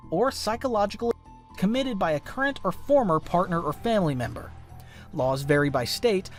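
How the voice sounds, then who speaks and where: High, lively dramatic male narrator. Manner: dramatic, emphatic delivery. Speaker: narrator of a commentary video. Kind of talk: scripted narration.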